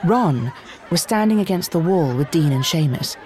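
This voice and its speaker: Steady audiobook narrator. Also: medium pitch, normal speed, a crowd in the background, noisy background. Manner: steady, expressive storytelling. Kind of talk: audiobook reading.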